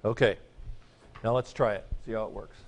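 A man's voice: on the low side, steady tone, moderate pace. Chatty male Greek teacher lecturing. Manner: chatty, joking asides, frequent "okay?" checks. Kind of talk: classroom lecture.

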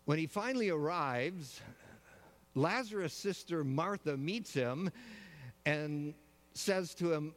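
A man preaching a sermon in a slightly high voice. He tells the story in measured phrases and lets weighty pauses hang. His words trail into a long reverb that rolls through the large hall. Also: animated. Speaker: pastor.

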